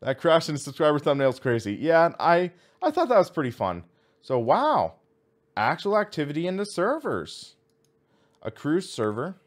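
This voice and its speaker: A man's voice: fairly high pitch, wildly swooping pitch, moderate pace. A man streaming a racing sim, thinking aloud as he reads out menu items and chats with viewers. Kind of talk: casual live-stream commentary.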